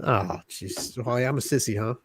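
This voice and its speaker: A man's voice: medium pitch, normal speed, slight background noise. A man co-hosting a podcast, teasing his friends in crude, laughing banter. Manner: joking, teasing, loose and laughing. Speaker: podcast co-host.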